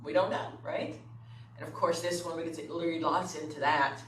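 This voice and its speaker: A middle-aged woman instructor lectures in a relaxed, conversational way, checking in with her listeners as she goes. She sits far from the microphone in a roomy, echoing space. A faint hum of room noise runs underneath. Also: low voice, moderate pace. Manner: conversational, checks in with "okay?" and "right?". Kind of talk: classroom lecture.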